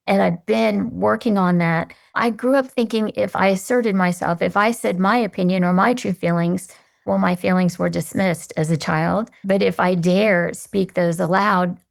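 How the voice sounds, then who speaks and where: Gravelly-voiced woman podcast guest. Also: mid-range voice, fairly even intonation. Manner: earnest, measured, reflective. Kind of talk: reflective interview answers.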